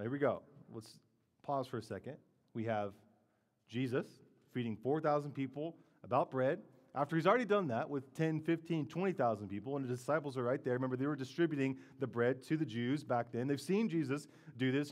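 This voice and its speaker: A man, a pastor, preaching a sermon in a lively, conversational way with playful asides. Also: medium pitch.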